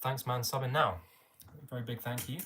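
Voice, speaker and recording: A young Englishman hosting a live stream casually reads out viewer comments and answers them, chatty and friendly with the filler "mate." His mid-range voice is bright and forceful at normal speed, with a little hiss or hum in the audio.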